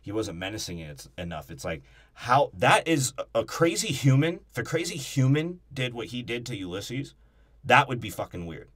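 A man co-hosting a podcast, chatting casually about a movie, animated and profane, laughing often. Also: medium pitch, normal speed. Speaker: podcast co-host.

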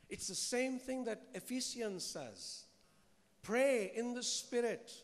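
A man preaching a sermon to a live congregation, lively and humorous, often asking the people questions. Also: high voice. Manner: lively, asks the congregation questions, mixes humour with scripture. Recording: long reverb of a large hall.

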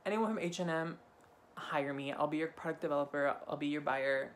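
A tipsy young man hosts a casual shopping haul vlog, campy, profane, and rambling in an offhand way. His voice sits on the high side, is a bit bright, and moves fairly quickly, with a little hiss or hum in the background.

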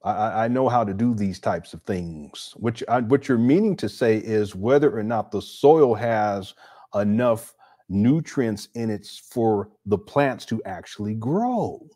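A man's voice: lowish voice, expressive, measured pace, mellow. Male commentator, casual and sarcastic, talks to the audience. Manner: chatty, sarcastic, addresses viewers directly, frequent restarts. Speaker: online commentator.

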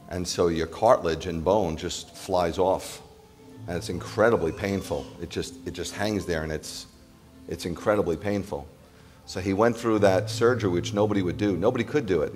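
A man's voice: low voice, a little mellow, in a large hall. A man preaching a sermon to his congregation as their rabbi, speaking conversationally and pressing listeners with emphatic repeated questions.

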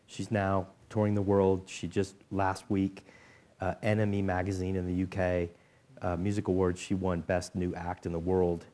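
A man's voice: low-pitched, completely flat delivery, normal speed, mellow. A man in his fifties, a marketing executive telling stories as the guest of an onstage interview, talking casually and acting out dialogue.

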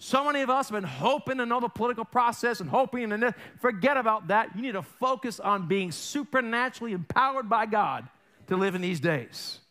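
Animated, high-pitched male pastor preaching. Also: a little fast. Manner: animated, acts out family voices in quotes. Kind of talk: sermon. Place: church sanctuary.

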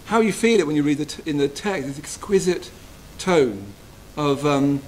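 A man giving a gentle, reflective Buddhist retreat talk, often checking in with his listeners. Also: a little high, expressive, moderate pace, slight background noise, low-quality recording. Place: retreat hall.

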